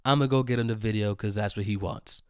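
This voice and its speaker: A man's voice: on the low side, fairly even intonation, fast, darkish tone, smooth, no room sound, studio quality. A man in his thirties hosting a casual solo storytelling show, laughing often and repeating phrases for effect. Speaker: host.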